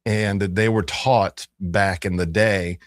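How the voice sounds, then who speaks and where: A man with a deep voice hosts a morning talk radio show and talks in a loose, rambling way, often restarting his sentences. The studio sound is close and dry. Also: steady tone, takes it slowly, dry recording. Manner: chatty, rambling, self-correcting. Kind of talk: casual on-air chat. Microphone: studio microphone.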